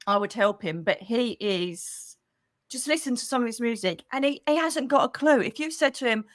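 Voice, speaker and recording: A middle-aged woman with a British accent, a psychic medium hosting a casual livestream for members, chatty and animated with quick asides, speaking into a computer mic. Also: fairly high pitch, no room sound, clean studio sound. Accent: British English. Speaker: psychic medium and channel host.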